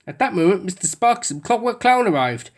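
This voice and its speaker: Expressive woman reading a children's story. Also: medium pitch, a little fast. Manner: expressive, lilting. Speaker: storybook reader. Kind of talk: children's story read-aloud.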